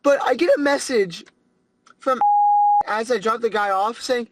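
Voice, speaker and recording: A young adult podcast host, telling a story in a profane, ranting, animated way. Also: mid-range voice, a little slow, long pauses, no echo, rough recording. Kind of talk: casual comedic storytelling.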